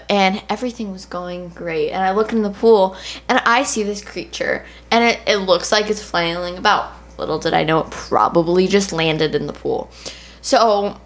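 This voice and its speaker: A young woman, a podcast guest, telling a funny personal story in a lively, laughing way. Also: medium pitch. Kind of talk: casual storytelling.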